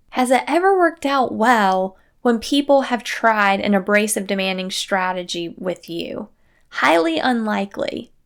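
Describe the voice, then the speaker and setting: A woman hosting a parenting podcast, giving calm, matter-of-fact advice in a scripted solo talk. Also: mid-range voice, creaky.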